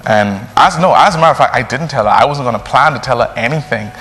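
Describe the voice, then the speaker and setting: A young man, a priest telling his story in an earnest, animated way full of fillers. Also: mid-range voice, quick pace. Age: young adult. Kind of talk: personal storytelling. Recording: long reverb, faint music.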